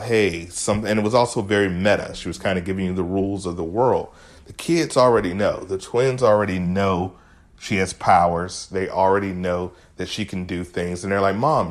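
A man with a low voice talks through a TV episode in a relaxed, chatty way. He is enthusiastic and retells the scenes in his own words as the host of the show. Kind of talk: casual recap commentary.

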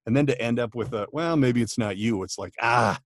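A man's voice: medium pitch, brisk, dry recording, clean studio sound. A man, a voice actor, telling stories in a casual podcast chat, laughing often and restarting his sentences. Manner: chatty, laughing storyteller with many restarts. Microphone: home studio microphone.

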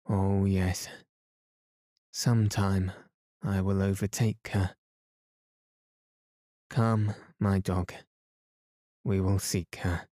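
A man's voice: sits low, level tone, drawn-out words, long pauses, mellow, dry recording, studio quality. A man voicing a heartbroken old man who mumbles wistfully in his search. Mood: resigned.

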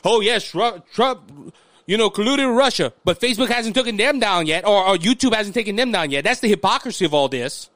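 A man with a Louisiana Southern accent hosting an opinion podcast monologue, animated and restless, often restarting his sentences. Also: sits high, a little fast, no room sound, studio quality. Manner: animated, restless, frequent restarts and mock voices. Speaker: podcast host.

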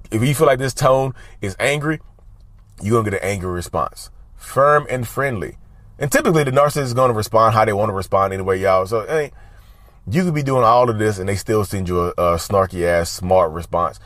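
With a lowish, fairly bright voice, an advice vlogger chats casually to his viewers on camera. He stresses and repeats his advice, often calling them y'all, and the recording has no echo.

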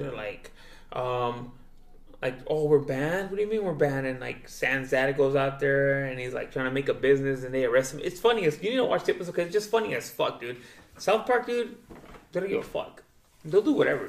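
A man's voice: fairly high pitch, creaky, a little hiss or hum. A man hosting a casual podcast chat, loose and profane, saying "dude" constantly. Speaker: podcast host. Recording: roomy echo.

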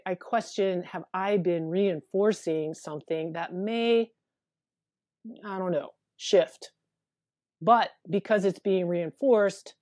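Woman therapist, guest on a video call, low warm voice, dry close sound, hesitant restarts. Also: no echo. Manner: hesitant, many restarts, thoughtful. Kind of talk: conversational interview.

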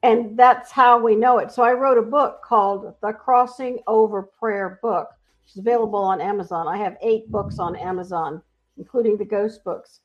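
A woman's voice: mid-range voice, normal speed, muffled recording. A woman speaking as a spiritual medium, telling stories earnestly in a casual interview. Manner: earnest, animated storytelling with quoted voices.

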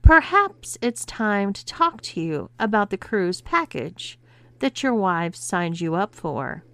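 A woman's voice: medium pitch, very animated, slow, fairly bright tone, no room sound, heavily acted. A woman voicing a stern, commanding female cruise director who speaks with cool, controlled authority.

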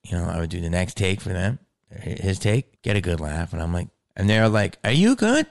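Animated, profane man with a low voice. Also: a little fast, vocal fry. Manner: animated and profane, acting out quotes. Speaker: actor and comedian. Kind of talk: casual storytelling.

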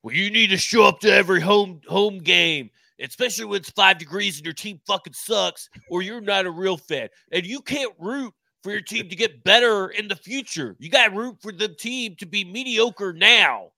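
A man putting on the voice of a loud male redneck sports fan, in a brash, preachy wrestling-promo twang. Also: high voice, normal speed, creaky, hardly any pauses, dry recording, pitched above the performer's own voice, full character voice. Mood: mocking.

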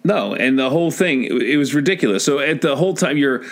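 A man's voice: medium pitch, animated, quick pace. Podcast guy, blunt and dismissive, just talking movies. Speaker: podcast co-host. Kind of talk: casual chat reviewing films.

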